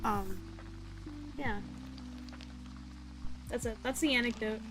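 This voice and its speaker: A young woman with a slightly high voice chats casually while she draws on a livestream. She rambles and pokes fun at herself, leaning on a lot of fillers. Faint music and rain sit in the background. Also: slow pace, rough recording. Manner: rambling and self-deprecating, lots of "like" fillers. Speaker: art streamer. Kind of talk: casual chat while drawing on stream.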